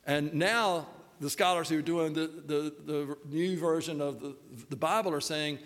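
A man's voice: a little high, normal speed, hardly any pauses, fairly bright tone. Older man, pastor, heartfelt sermon with ums and ahs, reverberant hall. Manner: earnest and personal, with hesitant fillers.

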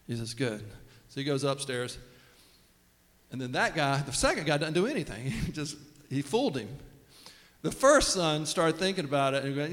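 A man's voice: fairly high pitch, animated, moderate pace, fairly bright tone. A man preaching a casual, humorous sermon, acting out the voices of the people he quotes. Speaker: pastor. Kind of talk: conversational sermon. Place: church sanctuary. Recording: long reverb of a sanctuary.

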